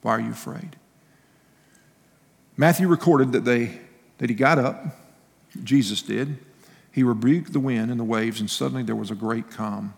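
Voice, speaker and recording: A man's voice: medium pitch, normal speed, gravelly, in a large hall. A male pastor giving a sermon in a folksy, conversational way, telling personal stories with restarts and laughing asides.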